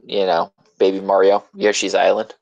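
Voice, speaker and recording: A man's voice: low-pitched, flat delivery, normal speed, vocal fry, dry recording, dull audio. A man co-hosting a casual podcast, giggling and mocking his friends. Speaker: podcast co-host.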